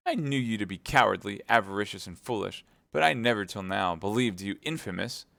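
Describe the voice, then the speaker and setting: Casting: man voicing a scornful young wife, pitched up from a low, gravelly base, dry close sound. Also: expressive, fairly quick, fairly bright tone, no echo. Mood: furious. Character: young woman, spirited, scornful of husband.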